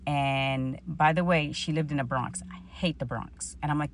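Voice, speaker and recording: New lady in her 40s telling her faith story, gravelly voice, acts out what everyone said. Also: deep voice, moderate pace, few pauses, a little hiss or hum. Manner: storytelling, animated retelling of her own dialogue. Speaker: vlogger. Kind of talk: personal faith testimony.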